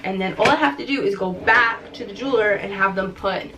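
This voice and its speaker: A woman's voice: mid-range voice, quick pace, background noise. A young woman rambling and giggling as she chats casually to the camera in a vlog. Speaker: vlogger.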